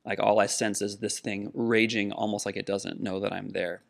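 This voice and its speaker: A man's voice: on the low side, little pitch movement, moderate pace, creaky. A middle-aged man co-hosting a podcast, telling a personal story earnestly in casual conversation. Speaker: podcast co-host.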